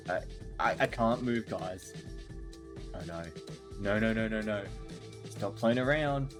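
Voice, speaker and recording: A man's voice: fairly low pitch, slow, over music. Playful man reading a fantasy game. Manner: reads game text aloud and reacts playfully. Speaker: gaming streamer. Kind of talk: let's-play narration and reaction.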